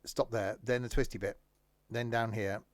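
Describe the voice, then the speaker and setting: A man's voice: mid-range voice, fairly even intonation, moderate pace, no echo. A man giving rambling, self-mocking commentary while playing a driving game. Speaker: gaming streamer. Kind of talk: casual gameplay commentary.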